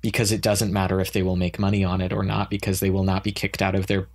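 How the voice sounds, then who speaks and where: A man with a somewhat low voice co-hosts a casual podcast. He lays on heavy sarcasm as he makes his points. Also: little pitch movement, fast. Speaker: podcast co-host.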